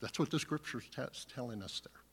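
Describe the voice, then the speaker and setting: Reading scripture aloud and then earnestly explaining it, a man preaches a sermon in a medium-pitched, somewhat bright, husky voice at normal speed. The recording carries a long hall reverb.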